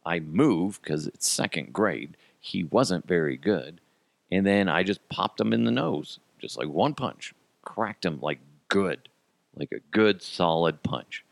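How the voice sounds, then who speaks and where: A man hosting a podcast, telling a profane, animated story in a casual way and laughing at his own jokes. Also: low voice, takes it slowly, gravelly, no echo. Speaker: podcast host.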